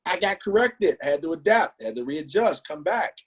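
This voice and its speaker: A man leading a motivational sales training, emphatic and animated, throwing out rhetorical questions and slang. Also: fairly high pitch, a little fast, slightly rough. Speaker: business trainer presenting to a team.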